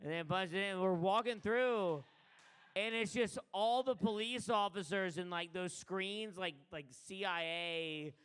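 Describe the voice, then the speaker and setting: A man doing stand-up, telling a rambling, excitable story full of "like" and "dude". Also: high voice, measured pace, clean tone. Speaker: stand-up comedian.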